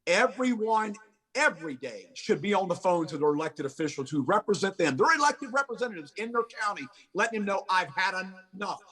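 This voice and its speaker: Husky emphatic sheriff, distant mic. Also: male voice, sits high, big pitch swings, brisk. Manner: forceful, emphatic repetition. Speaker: county sheriff, guest. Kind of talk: podcast interview.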